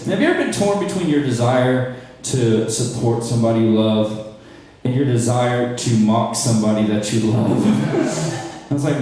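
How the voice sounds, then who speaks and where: A man's voice: mid-range voice, expressive, normal speed, warm tone. A young man from North Charleston performing a stand-up comedy set to a small crowd, with wry, self-deprecating crowd work. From North Charleston, South Carolina, USA. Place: small live comedy room. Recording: echoey room from a distant mic.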